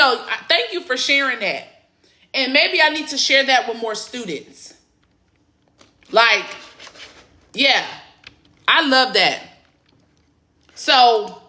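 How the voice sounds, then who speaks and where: A Southern woman coaching exam takers on a phone live stream, with a Southern accent and a bright, cutting voice pitched a little high. She talks in an excitable, encouraging way and cheers her viewers on. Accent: Southern American. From Southern United States. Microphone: phone camera.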